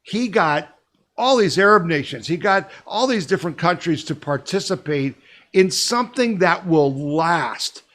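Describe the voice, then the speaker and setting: Man, podcast host, weekly news commentary, emphatic, urgent, fairly high voice. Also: fairly bright tone. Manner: emphatic, urgent, calls listeners to action.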